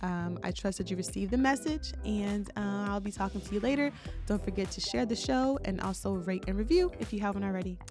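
A woman's voice: medium pitch, a little fast, music in the background. A woman hosting a solo motivational podcast, talking encouragingly straight to the listener and checking in with "okay?", her voice cracking now and then. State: voice keeps cracking. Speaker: podcast host.

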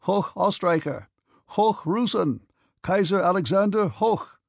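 An eager young cadet, all brotherly good cheer, as a man reads him. The voice is raised a little higher than the narration, husky and a touch gravelly, close and dry. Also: lively intonation, moderate pace, no echo, full character voice. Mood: friendly. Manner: warm and brotherly.

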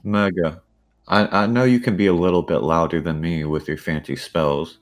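A man playing a tabletop game, speaking plainly and flatly in character. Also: low-pitched, normal speed. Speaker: player. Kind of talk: tabletop role-play.

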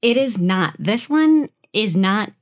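This is a woman co-host with a mid-range voice, trading casual banter and then reading a listener's tale aloud. She reads with animated energy and laughs easily between sentences. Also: mid-range voice, slow. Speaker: podcast co-host.

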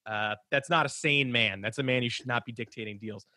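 A man's voice: medium pitch, fairly quick, pushed and bright, dry recording. A man co-hosting a sports podcast, rambling and joking, with lots of restarts and fillers. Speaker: podcast co-host. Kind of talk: casual sports chat.

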